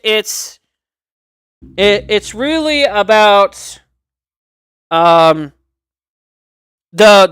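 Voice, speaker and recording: A man talks off the cuff on his livestream in a high, smooth, resonant voice. He rambles and circles back to repeat his points, earnest and a little self-justifying. The sound is dry and close. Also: sharp tone, no room sound. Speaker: livestream host. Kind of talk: casual unscripted chat.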